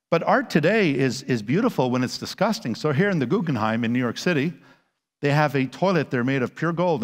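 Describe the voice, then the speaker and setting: A man lecturing at a church conference, his voice sitting in an ordinary middle pitch. He talks with sarcastic asides and rhetorical questions. The sound carries a long hall reverb from a stage microphone. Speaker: apologist conference speaker.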